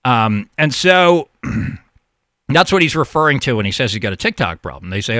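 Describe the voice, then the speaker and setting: A man's voice: mid-range voice, very animated, moderate pace, sharp tone, no echo, studio quality. A man hosting a call-in show, rambling, profane and stammering through restarts in a casual monologue. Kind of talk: casual talk radio monologue.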